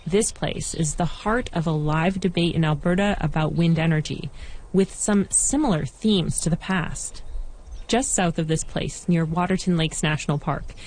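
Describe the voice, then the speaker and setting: A woman reporter giving measured, clearly scripted documentary narration. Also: low-pitched, a little mellow, poor audio. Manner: measured, clear storytelling delivery.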